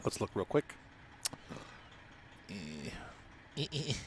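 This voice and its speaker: Brief: gaming host, stuffy nose, rambling and self-mocking, lively pitch, clear game noise underneath. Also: male voice, slow. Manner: rambling, joking, self-deprecating. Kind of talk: casual let's-play commentary. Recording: game engine and vehicle noise behind.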